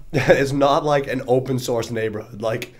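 A man's voice: medium pitch, measured pace. Laid-back young man telling stories. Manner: laughing storyteller, says dude. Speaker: podcast co-host. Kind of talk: casual chat among friends.

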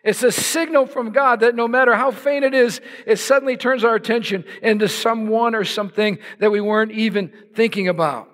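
Brief: male preacher, impassioned, raises to shouts, big reverberant church sound. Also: very high voice, steady tone, fairly quick, few pauses. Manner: impassioned, builds to shouts for emphasis. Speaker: pastor. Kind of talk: sermon. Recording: long hall reverb.

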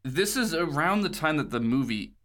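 In a casual podcast chat recapping a video game, a male co-host jokes around, laughs often and swears casually. He sounds animated, with a voice that's a little high and a bit bright, at normal speed.

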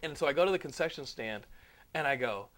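A man hosting a podcast, telling a long story in a rambling, profane, animated way. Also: mid-range voice, quick pace. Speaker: podcast host.

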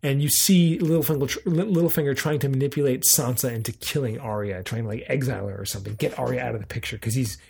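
A man co-hosting a podcast in casual chat, retelling scenes in an animated way with quick asides. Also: medium pitch, gravelly. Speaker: podcast co-host.

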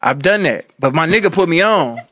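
A young man co-hosting a casual chat, telling loud, animated stories full of crude slang. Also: a little high, brisk, dry recording, clean studio sound. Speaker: podcast co-host.

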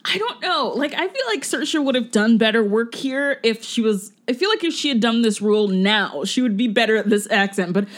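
A woman co-hosting a casual podcast, chatting about a film. Her voice sits a little high, and she fills her talk with "like". She laughs often as she chats. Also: lively intonation, moderate pace, few pauses. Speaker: podcast co-host.

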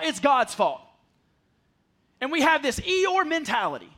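A man's voice: very high-pitched, huge pitch swings, unhurried, pauses often, sharp tone. A man pastor preaching a sermon to his congregation on a mic, conversational and joking with the crowd. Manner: conversational, self-deprecating humor with the congregation. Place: church sanctuary. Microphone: handheld or headset mic.

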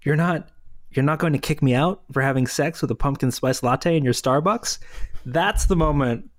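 A man's voice: fairly high pitch, moderate pace. A man co-hosting a casual comedic review, wry and playful, acting out scenes with laughs. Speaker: podcast co-host.

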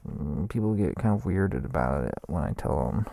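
A man's voice: a bass voice, expressive, moderate pace, vocal fry, dark tone, dry recording, full character voice. A man voicing a crude, foul-mouthed black mass creature who rambles sheepishly.

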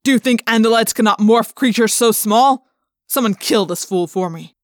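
A woman's voice: fairly high pitch, moderate pace, no echo, studio quality, lightly acted. A woman voicing a ruthless male alien warlord who barks orders in explosive bursts, in an audiobook reading. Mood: scornful.

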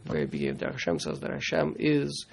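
Gravelly man teaching Torah. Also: medium pitch, sing-song. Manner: halting, repeats words, mixes in Hebrew terms. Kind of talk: classroom Torah lesson.

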